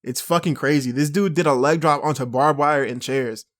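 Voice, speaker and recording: A young man co-hosting a podcast, chatting excitably, laughing often and swearing a lot. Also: a little high, normal speed. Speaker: podcast co-host. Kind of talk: casual chat.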